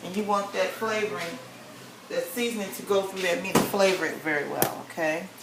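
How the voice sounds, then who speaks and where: In an echoey home kitchen with faint noise in the background, a woman demonstrates a recipe in a casual, folksy style, often checking in with "okay?" Her voice runs on the low side with a steady tone, and she talks a bit fast.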